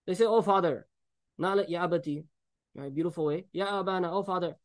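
A man preaching a sermon, explaining Quran verses with Arabic recitation, animated and joking as he acts out the people in the story. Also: sits high, a little fast. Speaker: Islamic preacher.

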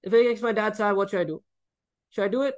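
A man preaching a sermon, explaining Quran verses with Arabic recitation, animated and joking as he acts out the people in the story. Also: high-pitched, quick pace. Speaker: Islamic preacher.

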